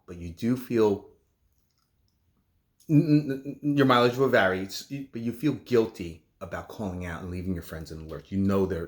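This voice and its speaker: A middle-aged man with a fairly low voice talks through a casual home vlog. He is a nurse speaking from his kitchen, and he rambles and stops himself often to restart a thought. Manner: rambling, halting with many restarts.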